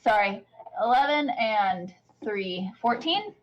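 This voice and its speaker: A woman's voice: on the high side, lively intonation, slow, highs cut off, slight background noise. A woman playing a tabletop game, earnestly explaining what her character would do. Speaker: player. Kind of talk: casual tabletop game chat.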